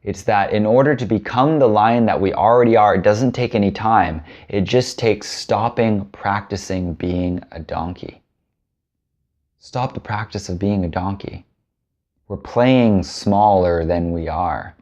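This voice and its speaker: A man's voice: fairly low pitch, measured pace, darkish tone, dull audio. A man hosting a self-help video, giving an earnest, musing talk and telling stories in a casual way. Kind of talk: reflective spoken talk with storytelling.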